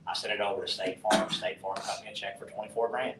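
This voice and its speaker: A middle-aged man from West Texas, telling a profane, animated story to a conference audience and acting out the dialogue. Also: fast talker. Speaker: conference speaker. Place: conference hall. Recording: roomy, distant mic with faint rumble.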